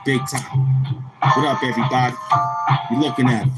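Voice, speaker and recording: A man's voice: mid-range voice, level tone, normal speed, loud music behind the voice. A man with a New York accent talking casually to camera as a vlogger, slangy and rambling, repeating tag phrases. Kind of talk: casual street talk to camera.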